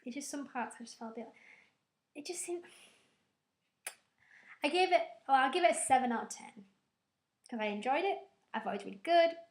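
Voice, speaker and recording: A woman giving a rambling, excitable spoken film review, full of "like" asides. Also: high voice, brisk, long pauses. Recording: echoey room.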